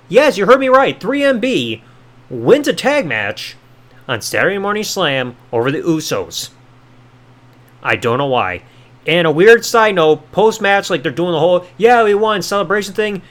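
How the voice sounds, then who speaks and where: A man talks through a wrestling episode in loose, casual podcast chat. His voice sits a bit high and jumps around a lot in pitch. He throws in sarcastic asides and the odd swear word. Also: a bit bright. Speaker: podcast host.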